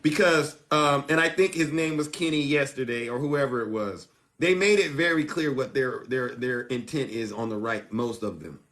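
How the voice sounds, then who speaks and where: A man's voice: mid-range voice, normal speed, fairly bright tone. A man hosting a political livestream, talking with a fervent, preacher-like cadence. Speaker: livestream host.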